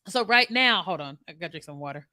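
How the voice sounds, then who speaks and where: A woman's voice: lowish voice, sharp tone. A woman marketing strategist talking casually and animatedly to her viewers, with laughs and asides. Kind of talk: casual direct-to-camera talk.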